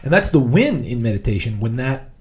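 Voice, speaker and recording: A man with a New Jersey accent co-hosting a casual podcast. He talks bluntly and animatedly, swearing freely, at an ordinary mid pitch. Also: sing-song, fairly quick, a little mellow. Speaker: podcast co-host.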